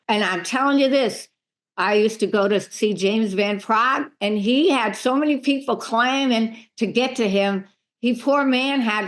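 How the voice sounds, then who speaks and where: Animated middle-aged woman telling stories. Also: a little high. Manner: animated, acts out voices in her stories. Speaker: medium and spiritual healer, guest. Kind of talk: storytelling in a podcast interview.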